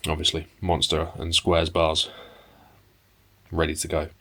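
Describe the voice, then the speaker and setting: A young bodybuilding vlogger and personal trainer chats casually to camera, indoors at home and in a parked car. His low voice is fairly monotone and unhurried. He's relaxed and rambly, with frequent fillers and mild swearing.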